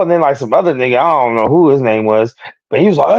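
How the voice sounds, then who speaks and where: A man's voice: mid-range voice, fast talker, darkish tone, no echo. A man on a livestreamed boxing talk show, ranting profanely about a feud and raising his voice when he quotes others. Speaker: streamer co-host. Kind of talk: heated casual chat. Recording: dry, muffled stream audio.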